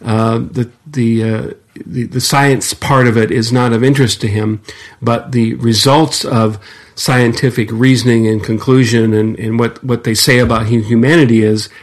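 A man co-hosting a podcast, talking in a halting way with many fillers and restarts. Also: medium pitch, steady tone. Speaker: podcast co-host. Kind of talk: casual discussion.

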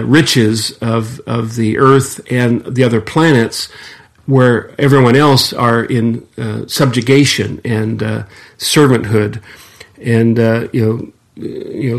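A man co-hosting a podcast, talking in a halting way with many fillers and restarts. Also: medium pitch. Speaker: podcast co-host. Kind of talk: casual discussion.

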